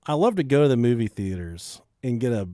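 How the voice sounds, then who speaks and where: A man co-hosting a podcast, telling crude stories loudly with lots of swearing and laughter. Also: mid-range voice, sing-song, normal speed, no echo, studio quality. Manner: loud storytelling, swears and laughs often. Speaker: podcast co-host. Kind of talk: crude casual banter.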